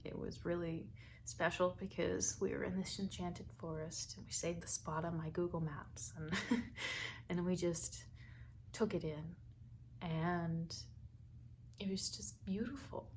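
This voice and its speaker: A young American woman, talkative and quick to laugh, telling a personal story in a vlog. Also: on the low side, a little mellow, a little hiss or hum. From United States. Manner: chatty and talkative, laughs often. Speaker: vlogger.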